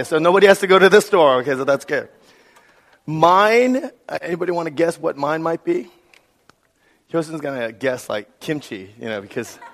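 A hoarse male pastor with laryngitis, giving a chatty, joking sermon to his congregation. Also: a little high, a bit bright. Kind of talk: conversational sermon. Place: church sanctuary with congregation. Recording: long hall reverb.

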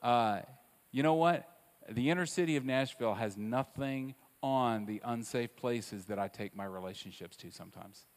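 A man preaching a sermon, moving between quiet asides and loud, emphatic repetition. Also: mid-range voice, normal speed. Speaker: pastor. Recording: long reverb of a large hall.

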